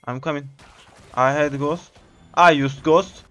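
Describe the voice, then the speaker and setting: A man, excitedly commenting on his own gameplay, repeating short exclamations in English. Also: a little high, slow, soft background music. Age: 20s. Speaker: gamer streamer.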